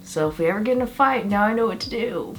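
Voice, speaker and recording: A young woman vlogging a makeup tutorial in a casual, chatty and self-mocking way, full of quick asides. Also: medium pitch, animated, faint music behind.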